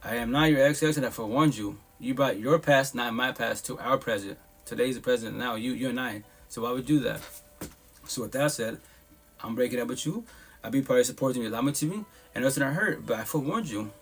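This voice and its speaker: A man's voice: medium pitch, quick pace, slightly rough. A man hosting a live podcast, giving casual, heartfelt advice in a blunt, profane, repetitive and emphatic way.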